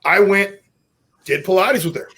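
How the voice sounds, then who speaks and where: Gravelly, bright-voiced profane storyteller man. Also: high-pitched, unhurried. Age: middle-aged. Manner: profane, animated storytelling with loud self-mocking outbursts. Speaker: strongman guest. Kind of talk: casual podcast chat.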